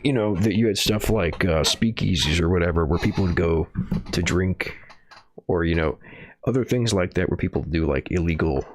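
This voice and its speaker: A man's voice: deep voice, normal speed. A man streaming from home, reading news headlines and adding rambling, sarcastic asides. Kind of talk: casual livestream commentary.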